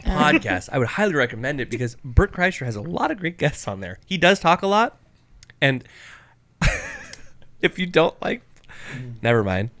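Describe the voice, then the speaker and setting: A man's voice: fairly high pitch, wildly swooping pitch, moderate pace, long pauses, fairly bright tone. A man co-hosting a podcast, teasing and joking in casual chat. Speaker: podcast co-host.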